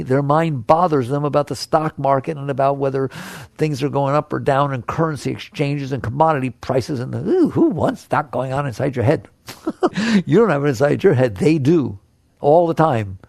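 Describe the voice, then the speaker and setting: A man's voice: a little high, lively intonation, moderate pace, vocal fry, darkish tone, dry recording. A man giving a conversational spiritual talk to a live audience. He asks the listeners questions and playfully acts out the chatter of the mind. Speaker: spiritual teacher.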